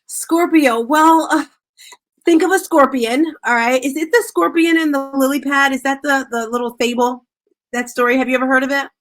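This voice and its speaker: A woman author talking about her book in an interview, telling stories in an animated, upbeat way. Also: high voice, normal speed. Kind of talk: casual interview talk.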